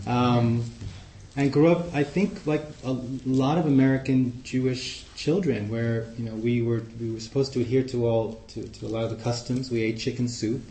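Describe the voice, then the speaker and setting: A man's voice: mid-range voice, vocal fry, a little hiss or hum. Echoey New York man speaking to a group. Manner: relaxed, chatty, warm humor. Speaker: guest speaker. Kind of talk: informal talk to a group. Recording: echoey room.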